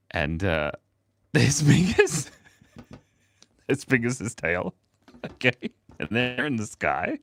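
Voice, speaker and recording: A man's voice: sits low, no room sound, clean studio sound. An Australian man chatting casually on a drawing livestream, playful and reading out viewer comments. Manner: playful, reads viewer comments aloud, laughs often. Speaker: livestream artist.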